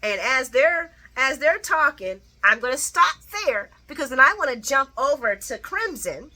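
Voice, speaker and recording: A woman with a bright, forward voice talks through a soap opera recap like she's catching up a friend. Her delivery is chatty and animated, with blunt personal asides between the retold scenes. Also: high-pitched, normal speed. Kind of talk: casual retelling of a TV episode.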